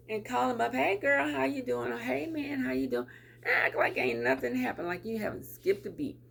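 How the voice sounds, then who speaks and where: A woman's voice: mid-range voice, creaky, a little hiss or hum. A middle-aged woman talking casually to camera in a lunchtime vlog, chatty, repeating her words and laughing often. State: teary. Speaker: vlogger.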